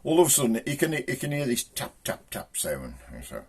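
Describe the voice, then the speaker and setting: A man with a Black Country accent telling jokes, doing his characters' voices with shouts and raised pitch. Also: huge pitch swings, brisk, few pauses, breathy edge. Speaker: joke teller.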